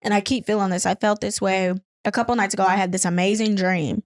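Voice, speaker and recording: A woman's voice: mid-range voice, steady tone, fast talker. A young woman co-hosting a casual podcast from a couch, her voice sitting in a middle register. She tells long, rambling stories and swears freely. She laughs easily between lines. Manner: chatty, rambling storyteller who laughs often and swears freely. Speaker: podcast co-host. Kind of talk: casual chat. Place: on a couch at home.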